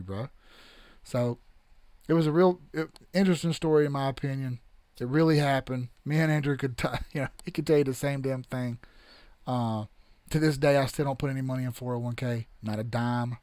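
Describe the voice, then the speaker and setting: A young man hosting, telling a story in a casual, animated and blunt way, swearing freely. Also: mid-range voice, no echo. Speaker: host. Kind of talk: casual storytelling, reading chat.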